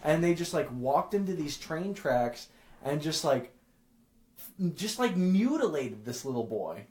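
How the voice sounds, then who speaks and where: A man who is a podcast guest, rambling in casual chat and filling his talk with "like" and restarts. His voice sits a little high. The room around him rings with echo. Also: very animated, unhurried, darkish tone.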